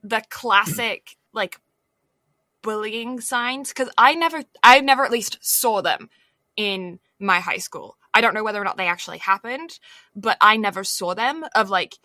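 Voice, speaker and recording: A woman's voice: mid-range voice, animated, unhurried, sharp tone, dry recording. A woman co-hosting a podcast, chatting casually and rambling with plenty of filler words. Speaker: podcast co-host. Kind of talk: casual chat.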